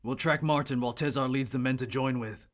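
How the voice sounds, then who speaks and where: Man voicing a brisk scheming commander. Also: medium pitch, lightly acted. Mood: commanding. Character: scheming male commander leading a pursuit. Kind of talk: fan audio drama.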